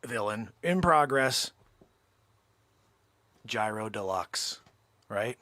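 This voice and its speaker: A man hosting a comic monologue, telling a story in an animated, exaggerated way. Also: fairly low pitch, extremely slow, no echo. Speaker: host.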